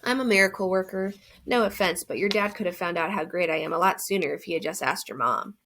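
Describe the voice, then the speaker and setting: A biting, wisecracking teenage boy ghost, as a woman reader puts him on in an audiobook. He teases in a low, gravelly voice. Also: quick pace, a bit bright. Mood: teasing. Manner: teasing, wisecracking. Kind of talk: audiobook character voice.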